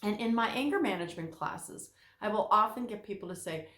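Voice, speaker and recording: A woman therapist speaking straight to her viewers, emphatic and animated, repeating her key points for weight. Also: mid-range voice, brisk, hardly any pauses, echoey room. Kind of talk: direct-to-camera talk.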